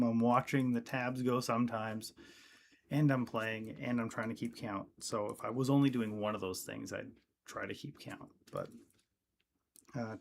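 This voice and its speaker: A man's voice: mid-range voice, gravelly, slight background noise. A man teaching guitar on a live stream, casual and rambling, with many ums.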